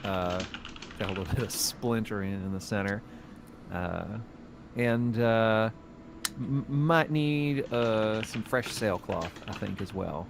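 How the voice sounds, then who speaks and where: A man's voice: fairly low pitch, slow pace, creaky, noisy background. A man playing a tabletop game in character, speaking hesitantly with many fillers. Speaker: player.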